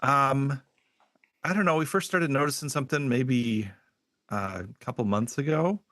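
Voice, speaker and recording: A man voicing a worried village farmer who speaks hesitantly with many pauses. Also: mid-range voice, a bit bright, dry recording, clean studio sound, pitched above the performer's own voice, close to an everyday voice. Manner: hesitant, full of pauses and fillers.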